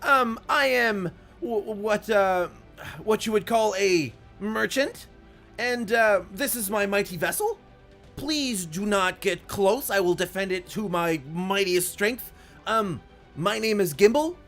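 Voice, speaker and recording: A man's voice: slow pace, soft background music, heavily acted. A man voicing a very old, nervous male gnome merchant who stammers and talks pompously. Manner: stammering, fussy, high-pitched and loud.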